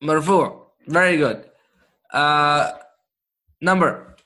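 A man's voice: on the high side, sharp tone. A man teaching an interactive grammar lesson, quizzing his class and praising answers as he goes. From Canada. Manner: slow, encouraging, quizzes the class with quick praise. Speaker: Arabic teacher.

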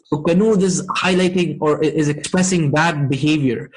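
A man teaching a Quran and Arabic lesson, checking in with his class often and reciting verses quickly. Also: on the high side, rough recording. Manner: asks the class frequent check-in questions, many fillers. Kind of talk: interactive online class lesson.

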